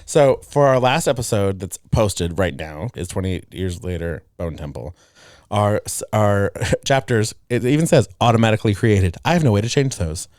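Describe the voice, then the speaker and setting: A man co-hosts a podcast in loose, casual chat. His voice swings widely in pitch and he laughs through his own reading. The sound is dry and close to the microphone. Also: animated, moderate pace, darkish tone, no room sound. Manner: reads a list between giggles, dry and teasing. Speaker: podcast co-host.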